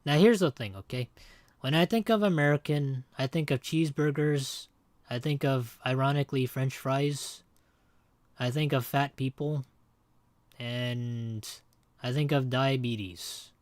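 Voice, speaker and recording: A man rambles and jokes with his viewers while streaming a game. His voice sits at an ordinary middle pitch, and the sound is dry and close with no room echo. He talks in loose, meandering asides. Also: a little slow. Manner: rambling and joking, chatting with viewers. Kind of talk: casual livestream chat.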